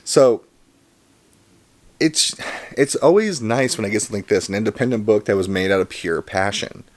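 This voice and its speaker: A man's voice: on the low side, moderate pace, dry recording. A man in his thirties hosting a casual unboxing vlog, chatty and rambling, with an enthusiastic manner. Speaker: comic collector and channel host.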